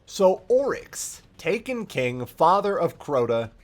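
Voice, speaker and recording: A man streaming a joking, profane recap of a video game's story, in a lively, animated way. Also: on the high side, takes it slowly, soft background music. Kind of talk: comedic game-lore recap.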